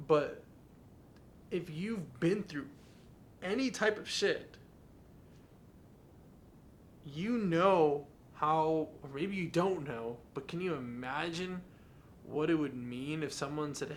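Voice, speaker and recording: A man's voice: a little high, a little slow, a bit bright, slight background noise. A young adult man hosting a podcast, talking in an earnest, candid and confessional way in a casual monologue. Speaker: podcast host.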